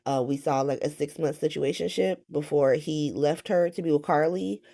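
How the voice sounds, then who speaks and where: Woman host, casual recap vlogger: low, warm voice, sassy, slangy, salty, quotes characters with animation. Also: normal speed, vocal fry. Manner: sassy, slangy, swears freely. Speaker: soap opera recap host.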